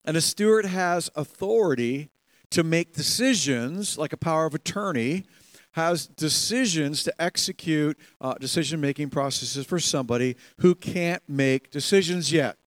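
A man preaching a sermon in a church, animated, laughing often and acting out quoted voices. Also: a little high, moderate pace, no room sound. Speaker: pastor.

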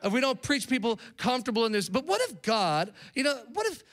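A man who is a pastor, preaching an animated sermon to a live congregation and calling on them to respond. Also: extremely high pitch, a little fast. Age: adult with young children. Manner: animated, calls the crowd to respond. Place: church hall with a live congregation.

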